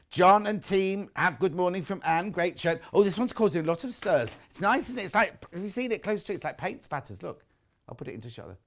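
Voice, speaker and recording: A British man presenting a live shopping show in a windowless studio, chatting and reading out viewer messages. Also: fairly high pitch.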